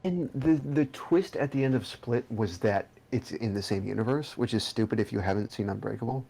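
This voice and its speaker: A man's voice: medium pitch, fairly quick, creaky, warm tone. A young man co-hosting a podcast in casual chat, rambling and swearing freely as he restarts his sentences. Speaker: podcast co-host.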